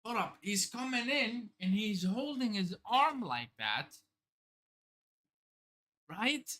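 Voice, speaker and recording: An animated man streams a live reaction to a new manga chapter, reading the panels aloud and breaking into excited, profane outbursts. His voice is bright and lively, swinging through a wide range, while his delivery stays unhurried and drawn out. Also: high voice. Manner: excitable, swears, narrates pages aloud.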